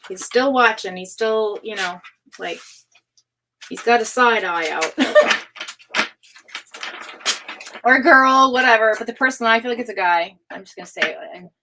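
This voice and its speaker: A woman's voice: a little high, moderate pace, noisy background. A woman giving a live tarot reading, talking casually with lots of fillers, frequent laughs and a bit of swearing. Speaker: tarot reader. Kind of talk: live-stream psychic reading.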